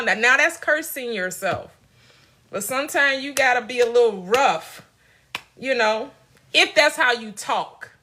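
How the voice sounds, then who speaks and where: A woman's voice: high-pitched, slow pace, sharp tone. A middle-aged woman hosting a casual motivational talk, emphatic and direct, laughing often between her points. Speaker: motivational channel host.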